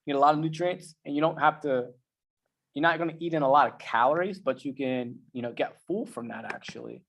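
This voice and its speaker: A man who is a coach giving a casual, conversational talk in slangy everyday language. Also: medium pitch. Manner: conversational and slangy, with many fillers. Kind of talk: casual presentation.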